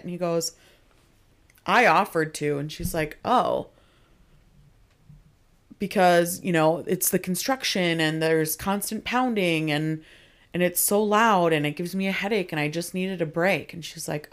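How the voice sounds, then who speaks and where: A young woman co-hosting a podcast, casually retelling TV scenes in quick quoted asides and laughing often. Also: lowish voice. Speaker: podcast co-host. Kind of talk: casual chat recapping a TV episode.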